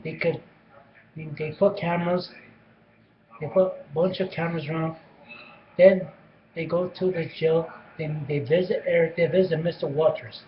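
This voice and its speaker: A man's voice: fairly high pitch, steady tone, normal speed, pauses often, dull audio, slight background noise. A man retelling a movie's plot in a casual, rambling way, with constant restarts and repeated phrases. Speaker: movie reviewer.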